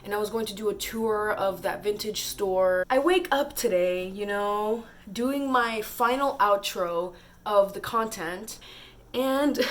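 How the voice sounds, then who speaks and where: A woman's voice: medium pitch, takes it slowly, a little hiss or hum. A young woman vlogging an emotional, exasperated rant, tired and laughing through her frustration. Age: young adult.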